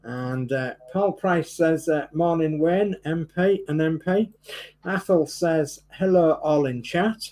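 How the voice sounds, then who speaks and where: A man's voice: a little high, slow pace, darkish tone, low-quality recording. A man co-hosting a live stream, reading out viewers' greetings in a friendly way. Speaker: livestream co-host.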